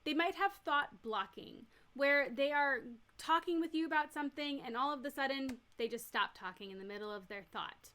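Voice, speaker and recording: Female nurse educator, somewhat high and bright voice, plain step-by-step lecturing. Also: normal speed. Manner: clear, step-by-step explaining with everyday examples. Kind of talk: recorded teaching lecture.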